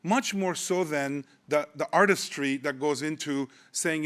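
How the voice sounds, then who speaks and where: A man's voice: a little high, unhurried, a bit bright. Man, sixties, keynote speech, wry, conversational, restarts phrases. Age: 60s. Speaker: keynote speaker.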